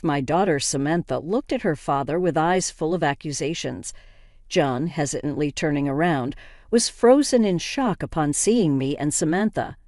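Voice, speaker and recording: A woman reading a dramatic first-person family story as scripted narration, in a steady, even delivery. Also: sits low, dry recording, studio quality.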